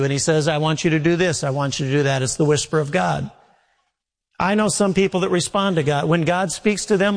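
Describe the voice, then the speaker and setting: Folksy preacher in a reverberant hall. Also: male voice, a little high. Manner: folksy storytelling, repeats phrases for emphasis. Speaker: pastor. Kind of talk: sermon. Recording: long reverb of a large hall.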